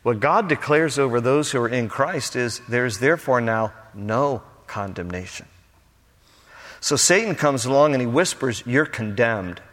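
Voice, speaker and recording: A male pastor preaching a sermon to his congregation, swinging between impassioned build-ups and hushed, pastoral passages. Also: medium pitch, animated, normal speed. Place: church sanctuary with a congregation. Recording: long church hall reverb.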